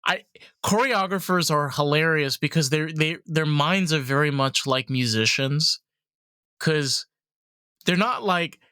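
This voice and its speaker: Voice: mid-range voice, unhurried, sharp tone, smooth, no echo, clean studio sound. A podcast co-host chatting casually, loose and joking, swearing freely. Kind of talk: casual chat.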